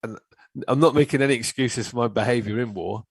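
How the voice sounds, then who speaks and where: A middle-aged man telling stories in casual chat, animated and swearing freely. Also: medium pitch, fairly quick, breathy edge, no room sound. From England. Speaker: guest, therapist.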